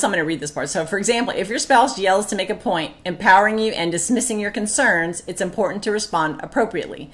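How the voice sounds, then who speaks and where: A woman co-hosting a marriage talk, chatting casually and acting out her old arguments. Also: lowish voice. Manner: animated, acts out her past outbursts. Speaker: co-host of a marriage talk show. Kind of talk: casual chat with reading aloud.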